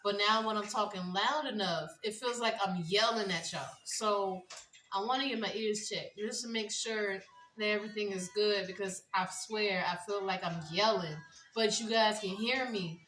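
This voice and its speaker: A woman vlogging casually, talking in a loose, rambling way with lots of fillers, mildly high and relaxed. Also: moderate pace, echoey room, distant mic, a little hiss or hum, low-quality recording. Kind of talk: casual vlog chat. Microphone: phone.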